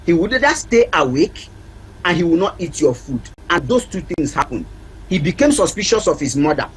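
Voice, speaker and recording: A man's voice: a little high, big pitch swings, moderate pace, a little hiss or hum, poor audio. A man with a Nigerian accent, a family counselor giving advice on a TV talk show, emphatic and repeating key points like a teacher.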